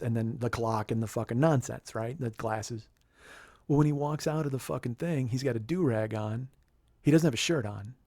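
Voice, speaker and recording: A podcast host telling a comedic story in an animated, profane, rambling way. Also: male voice, medium pitch, dry recording.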